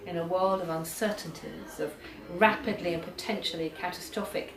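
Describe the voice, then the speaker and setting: Woman lecturer, measured academic delivery, lowish voice, distant mic in a roomy hall with audience. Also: steady tone, crowd noise. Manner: measured, reads poems aloud slowly.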